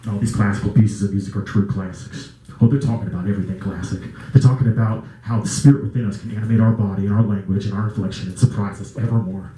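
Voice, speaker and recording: A man's voice: on the low side, steady tone, quick pace, warm tone, roomy sound, poor audio. A man performing spoken word poetry at an open mic, with a repetitive, incantatory chanting delivery and occasional casual asides. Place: small live music venue, indoors.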